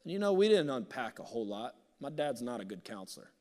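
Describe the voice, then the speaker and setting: A man preaches with passion, his voice sitting at an ordinary pitch. He leaps from loud, urgent bursts down to soft, hushed lines. The sound carries a long reverb from a large hall. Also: sing-song, quick pace. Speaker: pastor. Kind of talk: sermon.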